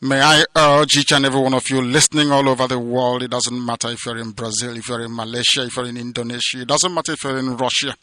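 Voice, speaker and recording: A man with a Nigerian accent giving an impassioned radio address, declaiming with loud peaks that drop to low, hushed passages. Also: no room sound. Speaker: movement leader giving a radio broadcast.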